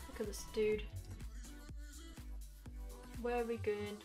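A woman's voice: medium pitch, flat delivery, takes it slowly, mellow, faint music behind. Chatty young Welsh woman streaming. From Wales. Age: young adult. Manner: chatty, rambling, talks to chat while playing. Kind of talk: casual gaming stream chat.

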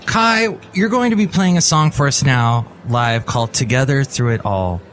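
A man's voice: medium pitch, moderate pace, fairly bright tone, faint music behind. A man hosting a podcast, interviewing guests in a playful, joking way with rambling asides. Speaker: podcast host. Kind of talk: casual studio interview.

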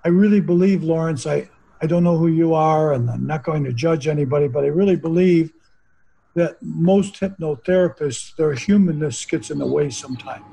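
Gravelly older man, philosophical rambler. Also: on the high side, normal speed, warm tone, rough recording. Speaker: hypnotherapist guest. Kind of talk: casual conversation.

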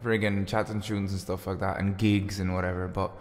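A man's voice: low-pitched, little pitch movement, a little fast, big-room sound. A man of thirty hosting a music livestream, rambling casually through viewer comments with lots of fillers. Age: 30s. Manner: rambling and chatty, full of fillers. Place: home room with lights and guitar gear.

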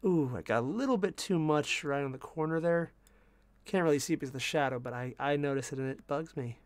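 Man, casual painting commentary, talks to himself, self-deprecating, slightly high voice, dry close sound. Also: a little fast, no echo. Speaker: miniature painting channel host.

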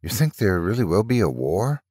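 A man's voice: lowish voice, very animated, moderate pace, darkish tone, breathy edge, dry recording, clean studio sound. A man voicing a cocky, dismissive young male passenger in a story reading.

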